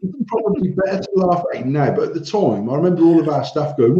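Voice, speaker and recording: A man tells stories from his shop in a loose, swearing podcast chat. His voice is mellow and warm. He sounds a bit dull and roomy, as if recorded in an echoey space. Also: fairly high pitch, quick pace, slight background noise. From United Kingdom. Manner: swearing storyteller, animated when telling anecdotes. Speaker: podcast co-host, vape shop owner. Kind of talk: casual banter podcast.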